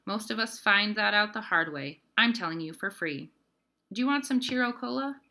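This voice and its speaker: A woman's voice: mid-range voice, expressive, moderate pace, sharp tone, pitched above the performer's own voice. A woman voicing a worn-out young woman who talks to her little sister in a tired, sighing, reassuring way. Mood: weary.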